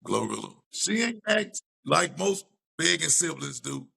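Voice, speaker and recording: A man's voice: fairly high pitch, sing-song, a little slow, gravelly, pushed and bright, husky. A man co-hosting a talk show in a laid-back, slangy, opinionated chat. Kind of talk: casual podcast chat.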